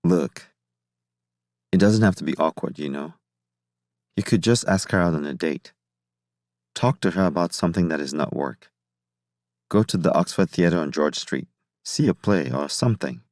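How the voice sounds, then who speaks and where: A man's voice: low-pitched, animated, moderate pace, pauses often, no room sound, studio quality. Man voicing Tiago, a jovial, teasing older scientist. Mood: coaxing. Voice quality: rich, warm laugh.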